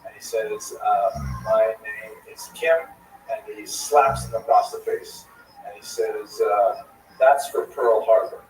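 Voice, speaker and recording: A man hosting a livestream discussion in a casual, animated way. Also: fairly low pitch, takes it slowly, soft background music. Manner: animated, tells jokes. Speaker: livestream host. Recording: echoey room from far off, faint noise.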